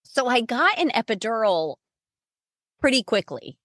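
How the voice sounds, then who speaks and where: A woman's voice: a little high, a little slow, dry recording. Frank, chatty woman on a dry mic. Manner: expressive, frank, self-mocking humor; chatty with frequent "like" fillers. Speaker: podcast guest. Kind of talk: casual conversational storytelling.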